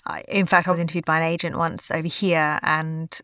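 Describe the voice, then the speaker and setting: A young woman with a softened Australian accent chats in an interview, often correcting herself and laughing easily. Her voice sits low for a woman. The sound is close and dry. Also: little pitch movement, brisk, no echo. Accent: Australian vowels, softened by years in England. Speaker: guest. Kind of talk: casual interview chat.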